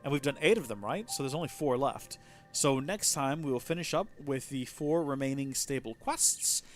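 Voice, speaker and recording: Soft background music accompanies a man with a medium-pitched voice speaking at normal speed as he streams a video game. He chats in a loose, rambling way, musing to himself and restarting sentences often.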